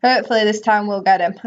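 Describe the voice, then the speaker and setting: A woman giving casual, chatty commentary while playing a life-simulation game and bossing her characters around. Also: medium pitch. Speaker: gaming YouTuber. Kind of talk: casual let's play commentary. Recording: slightly muffled audio.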